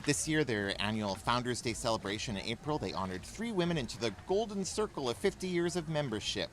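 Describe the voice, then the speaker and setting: A man co-hosting live commentary at an outdoor parade, reading out details about each group with some "um"s. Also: mid-range voice. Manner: steady, reads details with fillers. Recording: music playing behind.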